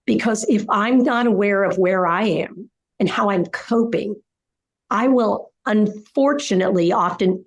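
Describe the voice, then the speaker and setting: A woman's voice: mid-range voice, measured pace, muffled recording. An older woman, a dementia care educator, answering interview questions in an emphatic way, repeating phrases in short rhythmic runs and acting out caregiver scenes. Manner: acts out caregiver scenarios mid-answer.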